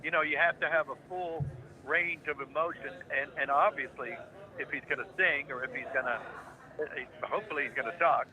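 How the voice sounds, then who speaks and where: An older man in his seventies, originally from Ohio, speaking with a very bright, forceful edge. He is a guest in a relaxed interview, spinning jokey anecdotes like a practiced raconteur, his voice sitting a little above the usual male pitch. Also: a little fast, poor audio. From Ohio, United States. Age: 70s. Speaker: guest voice actor. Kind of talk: casual interview storytelling.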